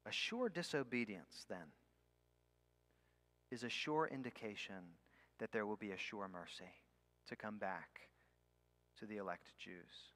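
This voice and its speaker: A man preaching a sermon. He leans hard on key words, slows right down on them, and sometimes drops almost to a whisper. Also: fairly low pitch, fairly bright tone. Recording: long hall reverb.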